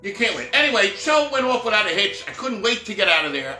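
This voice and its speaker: A man's voice: sits high, very animated, fast talker, pushed and bright. A middle-aged man telling rambling stories from his years as a Santa performer, full of asides and filler like "right?" and "whatever". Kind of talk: casual storytelling monologue. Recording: roomy echo with faint music behind.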